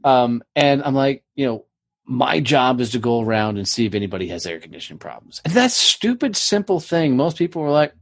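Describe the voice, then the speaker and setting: A man's voice: medium pitch, very animated, a little fast, no room sound, clean studio sound. A middle-aged man chatting on a podcast, swearing freely and telling stories with emphasis. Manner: profane, emphatic storyteller. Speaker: podcast guest, entrepreneur. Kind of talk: casual podcast chat.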